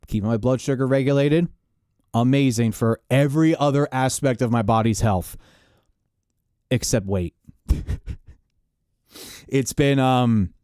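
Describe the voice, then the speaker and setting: A man's voice: mid-range voice, mellow, clear, resonant tone, no room sound, studio quality. Chatty man rambling to his viewers. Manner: rambling, chatty, many fillers and restarts. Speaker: live sound engineer and streamer. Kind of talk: casual chat to viewers while mixing.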